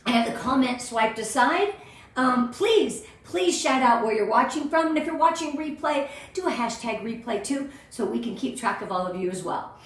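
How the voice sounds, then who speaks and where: Bubbly high-voiced woman in an echoey room. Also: lively intonation, moderate pace. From Southern California. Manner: bubbly, emotional, greets viewers by name. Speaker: sales team director. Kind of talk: live-stream training talk.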